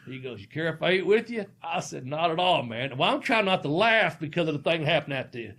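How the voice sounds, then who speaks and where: Male podcast host, ex-wrestler, profane and laughing storyteller, slightly high voice. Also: very animated, normal speed, sharp tone, breathy edge. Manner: profane, laughs through his stories. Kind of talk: casual storytelling.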